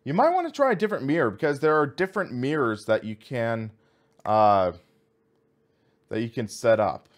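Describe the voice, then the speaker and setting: A man's voice: mid-range voice, sing-song, moderate pace. A man streaming a racing sim, thinking aloud as he reads out menu items and chats with viewers. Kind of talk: casual live-stream commentary.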